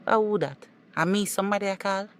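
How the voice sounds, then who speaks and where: A woman voicing an eager, emotional young Jamaican woman who pleads and gushes her thanks in an animated cartoon. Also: mid-range voice, a little fast, slight background noise, natural voice. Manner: pleading, repeats the name over and over.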